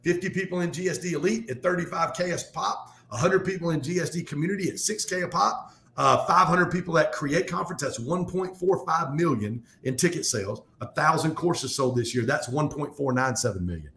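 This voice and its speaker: A man speaking as a guest in a casual podcast conversation, talking in an animated, fast, motivational way. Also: fairly high pitch. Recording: echoey room.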